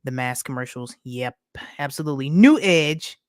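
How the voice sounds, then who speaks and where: A woman's voice: rumbling low, animated, moderate pace, no echo, clean studio sound. A woman from the United States hosting a casual live stream, chatting with viewers, greeting them by name and laughing often in an upbeat, slangy way.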